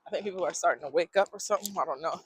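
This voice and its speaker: A woman's voice: fairly low pitch, rapid-fire, husky, poor audio. A woman vlogging outdoors while walking city streets, chatting casually to viewers through a handheld phone and sniffling from the cold. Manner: chatty, joking, talks to viewers as y'all. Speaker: travel vlogger. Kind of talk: casual vlog chat. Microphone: phone camera held while walking.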